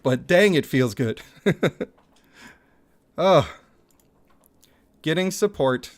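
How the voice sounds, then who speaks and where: Animated male gaming streamer, fairly high voice. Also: drawn-out words. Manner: animated, laughs often, reads chat aloud. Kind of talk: casual gaming livestream chat.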